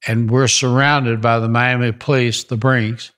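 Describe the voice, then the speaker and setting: An older man, a ministry founder, telling stories in an animated interview and repeating phrases for emphasis. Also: medium pitch, a little slow. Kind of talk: storytelling interview.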